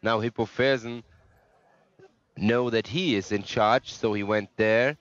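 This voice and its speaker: A man's voice: fairly low pitch, fairly even intonation, a little slow, a bit bright, no echo. A man doing live sports co-commentary in broken, non-native English, chatting about the players between calls. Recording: lo-fi, muffled sound.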